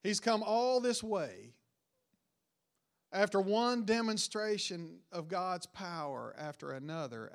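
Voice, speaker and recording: A man preaching a sermon, retelling a Bible story with rising emphasis and quiet, dropped line endings. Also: a little high.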